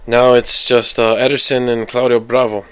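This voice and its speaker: A man's voice: mid-range voice, flat delivery, normal speed, fairly bright tone, clean tone, no echo. A man talking alone into the mic about soccer in a loose, offhand way. He wanders off track, stops to fix his own words and lets a curse slip when he gets fired up. The sound is dry and close, with no room around it. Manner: rambling, self-correcting, swears when worked up. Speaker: podcast host. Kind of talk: casual solo sports talk.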